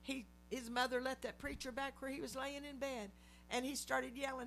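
A middle-aged woman gives a testimony sermon in a high voice. Her storytelling is animated, and she acts out the people she quotes. A faint hum sits under the recording. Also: normal speed, vocal fry. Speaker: lay preacher.

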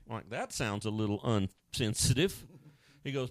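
A man preaching a sermon, animated, acting out Bible scenes and now and then jumping into high wailing voices. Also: a little slow, no room sound, clean studio sound.

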